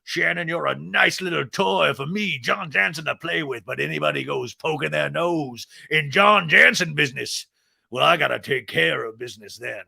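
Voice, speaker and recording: A man's voice: on the high side, moderate pace, vocal fry, bright, forceful tone, husky, full character voice. A man voicing an intense, reclusive middle-aged man with a brooding, menacing manner.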